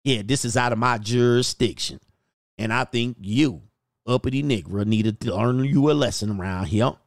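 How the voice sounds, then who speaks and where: A man's voice: medium pitch, normal speed, no room sound, studio quality, natural voice. A man putting on a bigoted old small-town judge. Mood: taunting. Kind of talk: mock role-play on a livestream.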